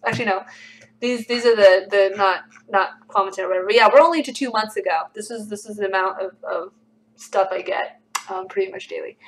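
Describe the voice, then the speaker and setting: A woman's voice: medium pitch, a bit bright, low-quality recording. A young woman hosting a casual livestream, reading comments aloud with a dry, sarcastic edge.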